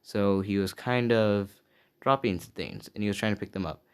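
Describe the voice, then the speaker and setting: Deep-voiced young man telling a story. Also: normal speed, clean tone. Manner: rambling, stops to recall names and details. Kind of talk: casual improvised fan story narration.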